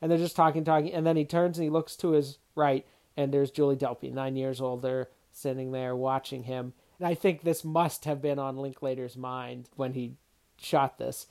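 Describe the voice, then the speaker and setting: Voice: mid-range voice, level tone, normal speed, a little mellow. A film reviewer talking casually through a movie's story, reflective and thinking aloud with occasional restarts. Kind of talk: casual spoken film commentary.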